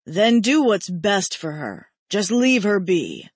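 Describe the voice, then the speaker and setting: A woman voicing a steady, protective male immortal who speaks slowly and firmly. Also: mid-range voice, slightly rough, no room sound, heavily acted. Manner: slow, firm and measured.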